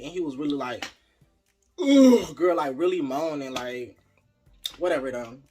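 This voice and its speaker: Chatty man telling a storytime, raised pitch. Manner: animated, chatty, addresses viewers directly. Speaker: vlogger. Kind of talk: casual storytime.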